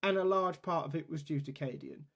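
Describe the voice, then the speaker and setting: A man co-hosting a podcast in casual chat, quick and argumentative, often cutting in. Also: a little high, a bit bright. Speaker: podcast co-host.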